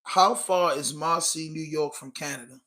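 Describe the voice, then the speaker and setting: Male podcast host, loose and emphatic, with a sharp, somewhat high voice. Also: moderate pace, low-quality recording. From Baltimore. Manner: loose, emphatic, peppered with "you know what I'm saying". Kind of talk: casual livestream chat.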